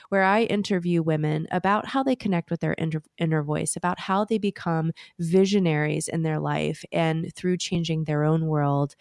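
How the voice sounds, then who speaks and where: Gushy earnest woman coach chatting on a podcast, kinda low voice, dry no-room sound. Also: creaky, dry recording. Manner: effusive, warm and earnest. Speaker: podcast guest, inner voice coach. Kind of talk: casual interview chat.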